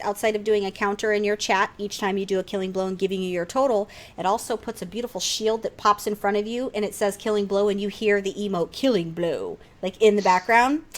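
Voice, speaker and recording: A woman co-hosting a gaming podcast in casual chat, animated and quick to swear and tease back. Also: mid-range voice. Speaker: podcast co-host.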